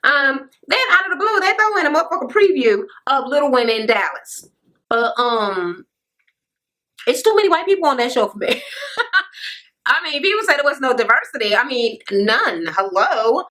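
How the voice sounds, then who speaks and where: A woman's voice: sits high, a bit bright. A woman giving a blunt, profane, sassy rant recapping a reality show.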